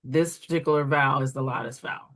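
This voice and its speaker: A woman's voice: a bass voice, fairly even intonation, fast talker. A woman walking through reading correction steps as a tutor trainer, explaining step by step with fillers while pointing at examples. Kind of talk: instructional walkthrough.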